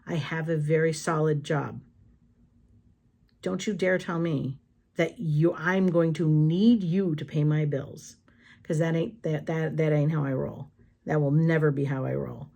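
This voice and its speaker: Blunt chatty woman with a gravelly voice. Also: deep voice, fairly even intonation, moderate pace, mellow. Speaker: vlogger. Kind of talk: casual storytelling while crafting.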